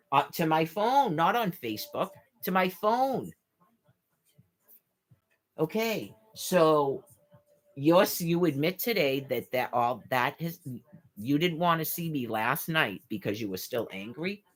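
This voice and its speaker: An exasperated woman rants straight to camera, swearing and firing off rhetorical questions. Her pitch swings widely from low to high as she mimics others mid-sentence. She stumbles and restarts her words as she goes. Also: big pitch swings, takes it slowly. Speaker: vlogger. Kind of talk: rambling rant to camera.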